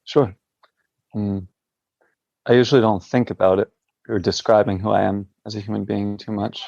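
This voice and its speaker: A man's voice: fairly low pitch, level tone, moderate pace, gravelly, darkish tone, no echo, muffled recording. A man speaking as a podcast guest from a hospital room, reflective and hesitant, with many fillers. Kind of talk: interview conversation.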